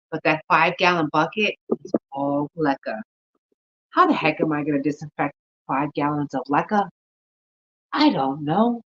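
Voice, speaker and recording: A woman rambles through a casual gardening vlog, half talking to herself. She sounds tired and keeps yawning. The recording is a little dull and lo-fi. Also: deep voice. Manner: rambling, chatty, talks to herself. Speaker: gardening vlogger.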